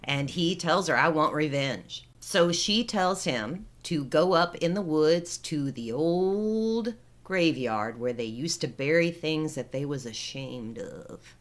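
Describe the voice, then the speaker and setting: A woman co-hosting a podcast, casually retelling a film plot as an animated storyteller. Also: low voice, slow. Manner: animated storyteller, laughs often. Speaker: podcast co-host.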